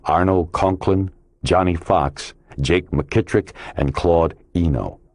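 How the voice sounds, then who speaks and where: In a low-sitting voice, a man narrates a crime novel audiobook, keeping his scripted storytelling measured and even. The studio sound is clean, with no room sound.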